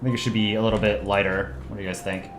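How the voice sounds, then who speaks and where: A man's voice: lowish voice, little pitch movement, fast, roomy sound, soft background music. A man casually chatting with his stream audience while drawing, thinking aloud and answering chat requests.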